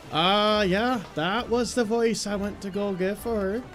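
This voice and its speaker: A man's voice: high-pitched, a little slow, hardly any pauses, a bit bright, faint music behind. A man streaming a game, chatting casually with a joking, loose manner and swearing freely.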